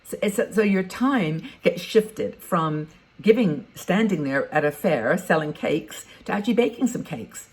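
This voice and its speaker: A lowish, slightly mellow voice with lively intonation belongs to a woman in her sixties who vlogs for retired women. She takes a measured pace, talking frankly and casually while thinking out loud.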